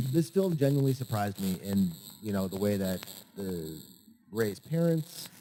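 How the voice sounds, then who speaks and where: A man co-hosting a podcast in casual chat, animated and full of fillers as he puts questions to his partner. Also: on the low side, unhurried, poor audio. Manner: animated, quizzing his co-host, many fillers. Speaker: podcast co-host. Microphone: home podcast mic.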